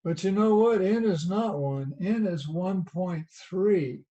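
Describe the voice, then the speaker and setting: A man with a Southern US drawl teaches over a video call, unhurried and folksy, checking in with rhetorical questions. His voice sits fairly high but sounds mellow and warm. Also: dull audio. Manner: folksy, drawn-out, chatty explaining with rhetorical questions. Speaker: college teacher. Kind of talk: online lecture.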